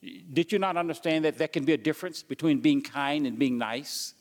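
A man's voice: on the high side, brisk, in a large hall. A man preaching a sermon as pastor, stumbling and repeating words as he goes and asking the congregation questions.

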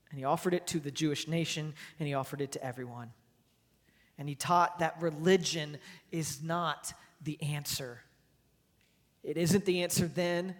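A man preaching a sermon as pastor to his church, emphatic and driving his points home with repeated phrases. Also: on the high side. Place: church sanctuary. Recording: long hall reverb.

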